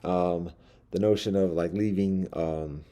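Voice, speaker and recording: A man telling a rambling comic monologue in a halting, wry way, with many restarts. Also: low-pitched, fairly even intonation, dark tone.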